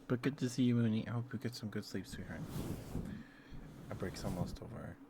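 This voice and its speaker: A man streaming ASMR, talking softly and affectionately to his viewers into a close microphone. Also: fairly low pitch, brisk, creaky, noisy background. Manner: soft, affectionate murmuring to viewers. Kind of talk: ASMR livestream chat.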